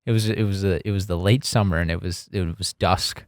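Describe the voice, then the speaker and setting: Lively low-voiced man telling a story. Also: brisk, no echo, clean studio sound. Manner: animated storyteller, laughs through the punchlines. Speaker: podcast co-host. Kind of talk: casual storytelling chat. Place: studio.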